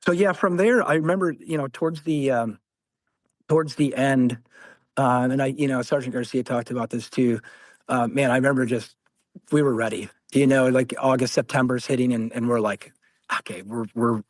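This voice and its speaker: A man in his forties, a former Marine guest, telling war stories in casual conversation, animated and laughing as he acts out quoted voices. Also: medium pitch, normal speed. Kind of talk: conversational storytelling.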